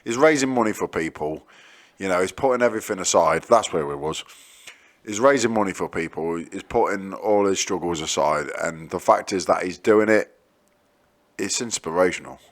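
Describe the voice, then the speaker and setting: A man co-hosting a podcast, chatting and telling stories in an animated way, laughing and swearing freely. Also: sits low, normal speed. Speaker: podcast co-host. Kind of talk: casual banter and storytelling.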